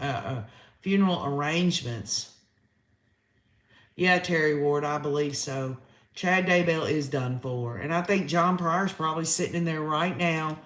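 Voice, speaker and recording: A man's voice: fairly high pitch, fairly bright tone, roomy sound. A man hosting a live-stream trial recap, reading chat comments aloud and reacting with emotion. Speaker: host.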